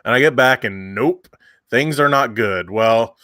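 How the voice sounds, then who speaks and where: A man's voice: mid-range voice, a little slow, pushed and bright, no echo, studio quality. A man, hosting a livestream and telling a long story in casual chat with many fillers and restarts. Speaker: livestream host.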